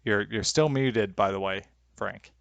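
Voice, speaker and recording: A man's voice: on the low side, a little slow, creaky, no echo, lo-fi sound. A young man narrating as game master over a video call, rambling and hesitant with many fillers.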